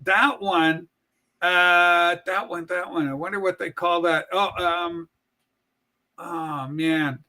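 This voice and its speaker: A man hosting a casual political talk livestream, brash and profane, with animated storytelling. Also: high voice, slow pace. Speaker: political talk show host. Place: home room with a Star Trek shrine.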